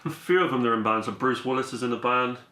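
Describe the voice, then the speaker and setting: A man co-hosting a casual podcast in an easygoing, lively way. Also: mid-range voice, quick pace. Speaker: podcast co-host. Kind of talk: casual chat. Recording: roomy echo.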